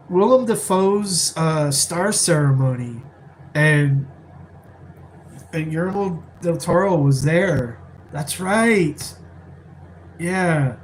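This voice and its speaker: Laid-back man, somewhat high voice. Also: a little hiss or hum, rough recording. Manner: rambling, laid-back, many fillers. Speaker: live-stream vlogger answering chat. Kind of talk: casual live-stream chat. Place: rented apartment, keeping voice down.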